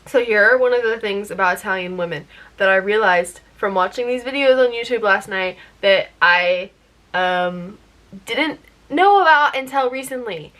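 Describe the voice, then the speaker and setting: A woman's voice: mid-range voice, normal speed, a bit bright. A woman chatting playfully while doing her makeup, going off on tangents and asking rhetorical questions. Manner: rhetorical "guess what" questions. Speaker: beauty vlogger.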